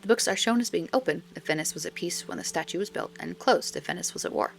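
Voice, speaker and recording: A woman's voice: lowish voice, quick pace, vocal fry, faint music behind. A woman voicing a friendly man who explains local legends. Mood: jovial.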